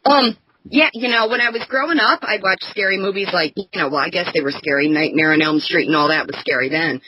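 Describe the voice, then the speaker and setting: A woman's voice: lowish voice, a little fast, bright, forceful tone, a little hiss or hum, poor audio. A woman who is a novelist, chatting as a podcast guest, candid and self-deprecating, laughing a lot. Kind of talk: casual podcast chat.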